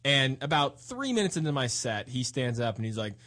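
A man co-hosting a comedy show, telling anecdotes in an excitable, rambling way. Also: mid-range voice. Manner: excitable, fast anecdotes with many "like" fillers. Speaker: comedian and musician, show co-host. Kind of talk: casual comedic storytelling.

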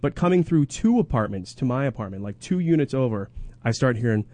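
A man's voice: mid-range voice, animated, fairly quick, mellow, no echo. A young man co-hosting a radio show, rambling and self-interrupting through casual banter and ad reads.

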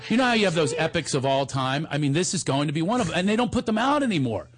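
A man in his forties, a comedian, telling animated stories in a casual chat and sometimes breaking into theatrical singing. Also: fast. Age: 40s. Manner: animated storyteller, bursts into high theatrical singing.

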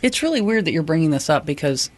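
A woman co-hosting a radio show, chatting and telling stories in an animated way. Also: low voice, quick pace. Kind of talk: casual radio banter.

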